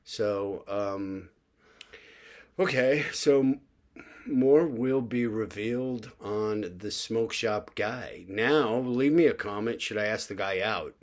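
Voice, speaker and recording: A man's voice: lowish voice, takes it slowly. An older man talking in a casual, rambling vlog monologue, full of fillers and asides. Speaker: vlogger.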